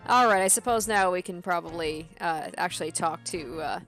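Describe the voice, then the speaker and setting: A woman doing casual game commentary, reading the dialogue aloud in a giggly, excitable way. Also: lowish voice, moderate pace, hardly any pauses, faint music behind. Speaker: game streamer.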